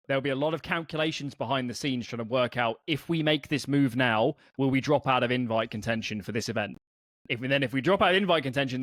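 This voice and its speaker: A man, a guest analyst, explaining points in a measured way with frequent ums in a podcast discussion. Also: medium pitch, a bit bright, no echo, studio quality.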